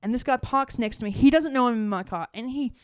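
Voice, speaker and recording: A woman's voice: fairly high pitch, fast talker, clear, resonant tone, no echo, clean studio sound. A young woman telling a story in casual chat, laughing often and swearing. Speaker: podcast co-host.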